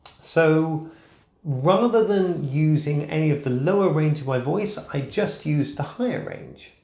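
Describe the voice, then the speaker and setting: A man in a casual vlog, talking in a measured, explanatory way while keeping to the upper part of his range. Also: a little high. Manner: measured, explanatory, softly raised register. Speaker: vlogger. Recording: echoey room.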